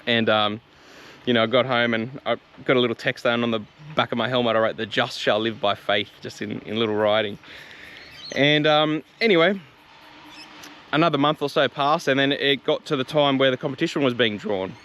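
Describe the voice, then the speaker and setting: A young man casually retelling a personal faith story, chatty and quick to laugh, with lots of fillers and restarts. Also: mid-range voice, fairly bright tone, slight background noise.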